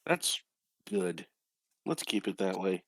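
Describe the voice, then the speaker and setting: A man's voice: deep voice, lively intonation, slow, fairly bright tone. A man co-hosting a casual podcast chat, dropping dry, wry asides. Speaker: podcast co-host.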